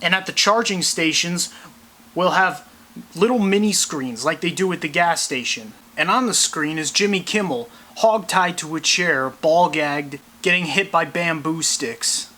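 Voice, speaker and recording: A man's voice: on the high side, unhurried, sharp tone. A man delivering a scripted comedy monologue as a sarcastic, abrasive rant.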